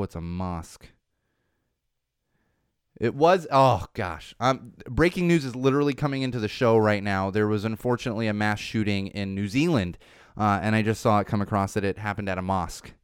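In a studio, a man hosts a casual entertainment news podcast chat, rambling, correcting himself and adding sarcastic asides. Captured on a studio microphone with no echo, his lowish voice is smooth and fairly quick.

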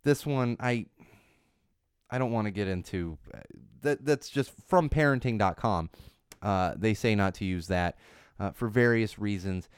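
A man's voice: fairly low pitch, a little slow, clear, resonant tone, dry recording, studio quality. A man in his thirties hosting a parenting talk, emphatic and repetitive, with many fillers and restarts. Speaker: parenting podcast host. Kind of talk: casual solo talk.

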